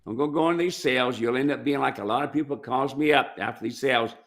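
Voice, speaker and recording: A mule trainer talks through viewer questions in a plainspoken, folksy way, often drifting into stories from working cattle. His voice is bright and a bit tense, with ordinary pitch for a man. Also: quick pace. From United States. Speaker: mule trainer and ranch owner. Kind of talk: casual Q&A advice talk. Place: ranch.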